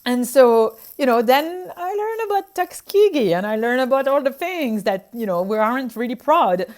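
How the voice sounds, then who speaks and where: A woman's voice: sits high, expressive, normal speed, a little mellow. A woman from France with a French accent, a physician telling her own stories in a casual chat and acting out her past reactions. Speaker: physician sharing her experiences.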